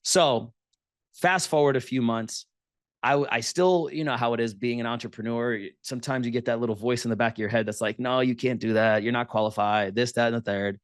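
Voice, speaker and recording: A man telling his business story as an interview guest, animated and quoting others as he goes. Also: medium pitch, fairly quick, dry recording, studio quality. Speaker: guest, podcast booking entrepreneur.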